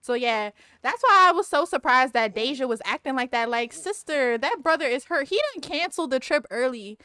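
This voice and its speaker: A woman giving casual, animated commentary on her game, talking straight to viewers, swearing and laughing often. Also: sits high, fairly quick, clean tone, no room sound, clean studio sound. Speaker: Let's Play creator.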